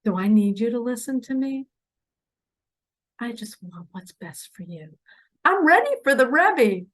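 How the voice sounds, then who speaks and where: Woman, impassioned monologue, high and animated pitch, slow delivery with hushed asides. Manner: impassioned, swings between loud pleas and hushed asides. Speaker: self-described spiritual messenger. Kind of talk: emotional monologue to camera.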